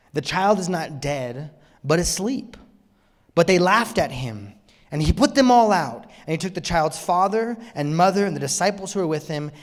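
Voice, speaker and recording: Male preacher, fairly high voice, dramatic loud-to-hushed delivery, long hall reverb. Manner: dramatic swings from loud emphasis to hushed near-whisper. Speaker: pastor. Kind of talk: sermon.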